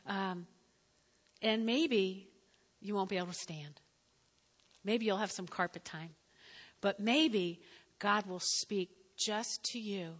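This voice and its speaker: A woman preaching a sermon, animated and stretching out her emphatic phrases. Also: fairly high pitch. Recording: reverberant hall.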